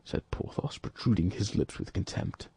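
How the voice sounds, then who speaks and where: A man narrating an audiobook in an expressive, dramatic storytelling manner. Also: moderate pace, dry recording. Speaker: audiobook reader. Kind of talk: scripted narration.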